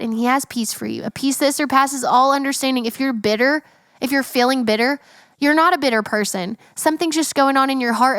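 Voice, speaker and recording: A young woman hosts a faith-based podcast in an earnest, emphatic way. Her voice sits fairly high and sounds smooth and clear. It is recorded dry and close, with no room sound. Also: fairly bright tone, no echo. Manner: earnest, heartfelt, quick and emphatic. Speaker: podcast host.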